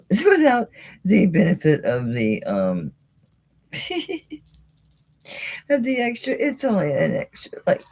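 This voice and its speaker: Low-voiced chatty woman selling jewelry. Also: darkish tone. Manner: chatty, exclaiming, mild swearing. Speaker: jewelry seller hosting a live sale. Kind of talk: casual live-stream sales talk.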